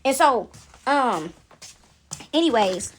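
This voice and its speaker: A woman's voice: fairly high pitch, lively intonation, slow pace. A young woman telling a story to her viewers in a casual, chatty way, tagging her sentences with "right?" and "y'all", shaken up by what she is describing. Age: young adult. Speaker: vlogger.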